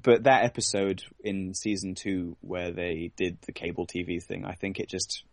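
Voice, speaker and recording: A man with a lowish voice co-hosts a casual podcast chat. He talks in an animated way and acts out the scenes he retells. His voice sounds dry and close to the mic. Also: moderate pace, no echo. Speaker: podcast co-host.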